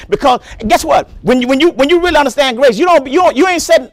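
A male pastor preaching a sermon with emphatic delivery, repeating phrases and breaking into shouts. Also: very high-pitched, expressive, fast, no echo.

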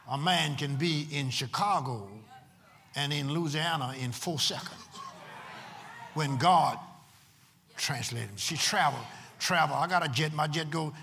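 A man preaching a sermon, swinging from shouts to low murmurs and repeating lines for emphasis. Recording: long hall reverb.

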